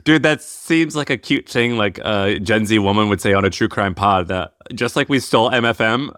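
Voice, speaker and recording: Low-voiced podcast host. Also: male voice, normal speed, no echo, studio quality. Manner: relaxed, laughs easily. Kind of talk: casual podcast chat.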